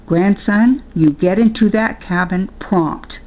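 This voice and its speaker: A woman's voice: medium pitch, slow pace, muffled recording, close to an everyday voice. An older woman voicing a stern, fretful old grandmother who scolds in rustic dialect. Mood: scolding.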